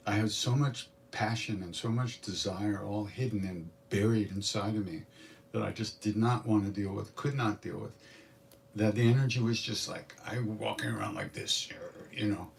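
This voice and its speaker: An older man telling stories at a spiritual gathering, animated and acting out what others said. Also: fairly low pitch, moderate pace, creaky, recorded from a distance, slight background noise. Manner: animated storyteller, acts out quotes. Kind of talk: storytelling satsang talk.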